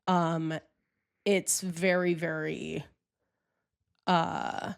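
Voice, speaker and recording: A woman's voice: low-pitched, flat delivery, extremely slow, gravelly, clean tone, no echo, studio quality. A young woman co-hosting a casual comedy podcast, playful and jokey, sometimes trailing off mid-thought. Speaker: podcast co-host.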